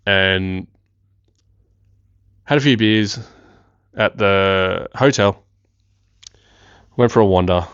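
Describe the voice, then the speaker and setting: Young aussie bloke, lowish voice, swears a lot, excitable storytelling, dry slightly muffled podcast audio. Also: male voice, very slow, long pauses, clean tone, no echo. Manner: excitable, swears freely, laughs often. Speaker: podcast host. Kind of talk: casual storytelling.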